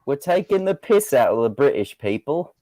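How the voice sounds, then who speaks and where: A man's voice: medium pitch, very animated, moderate pace, warm tone, dry recording, poor audio. Profane, laughing male podcast co-host. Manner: loose and profane, laughs often. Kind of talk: casual podcast chat.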